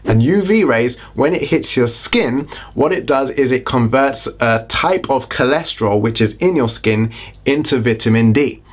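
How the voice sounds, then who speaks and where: A man's voice: mid-range voice, lively intonation, moderate pace. A man with a British accent, a wellness vlogger talking casually to camera with chatty, joking, self-deprecating asides. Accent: British English. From Britain.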